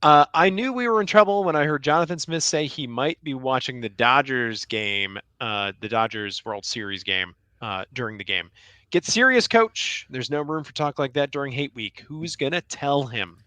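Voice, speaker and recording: A man's voice: medium pitch, normal speed, few pauses, sharp tone, dry recording. A man co-hosting a sports podcast, reading listener questions with a wry, joking manner. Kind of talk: casual sports podcast chat.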